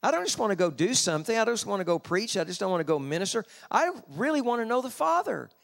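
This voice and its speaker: A man preaching a sermon at a convention, slowing down for scripture and rising in pitch to stress his points. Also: sing-song, creaky, a bit bright. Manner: slows down to read scripture, rises in pitch for emphasis. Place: convention hall.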